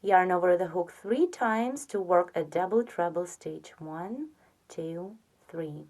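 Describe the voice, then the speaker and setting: A woman giving a step-by-step crochet tutorial, patiently counting stitches aloud and softly trailing off on the counts. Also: fairly low pitch, measured pace. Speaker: crochet instructor.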